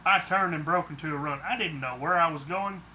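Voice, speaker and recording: A man's voice: fairly high pitch, a little fast, pushed and bright, slight background noise. A man reading a first-person story aloud, plain delivery with some stumbles and restarts. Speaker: audiobook narrator.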